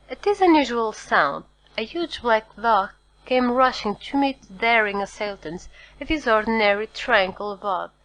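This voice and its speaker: A woman reading a classic novel aloud as audiobook narrator, steady and formal. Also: a little high, low-quality recording. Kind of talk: scripted narration.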